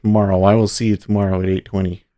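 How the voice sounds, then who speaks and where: A man's voice: fairly low pitch, level tone, fast, dark tone. A man hosting a day trading livestream, chatting casually and easily with his viewers and chuckling often. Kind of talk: casual live-stream chat.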